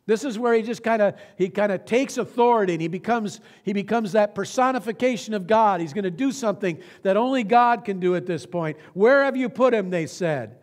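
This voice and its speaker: Male pastor, higher register, earnest storytelling sermon in a church sanctuary. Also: a little mellow. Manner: earnest storytelling preacher, slows for emphasis.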